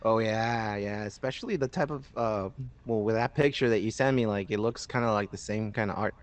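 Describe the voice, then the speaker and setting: A man's voice: fairly low pitch, a little fast. A man co-hosting a casual podcast, joking and laughing often. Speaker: podcast co-host. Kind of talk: casual chat.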